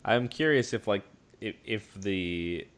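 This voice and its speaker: A man co-hosting a podcast in casual chat, talking in halting bursts with many restarts and quick laughs. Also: fairly low pitch, lively intonation. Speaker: podcast co-host.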